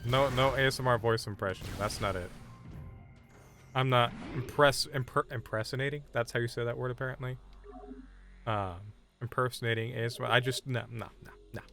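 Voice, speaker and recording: A man's voice: medium pitch, steady tone, fairly quick, a bit bright, soft background music. A man streaming a game live, chatting casually and bluntly brushing off requests from chat. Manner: blunt, dismissive banter with chat.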